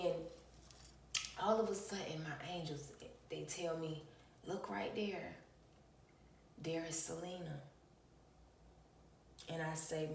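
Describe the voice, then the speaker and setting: A woman's voice: deep voice, steady tone, slow, pauses often, roomy sound, far from the mic, background noise. An adult woman, telling a personal spiritual story to viewers, emphatic, repeating phrases and calling them y'all.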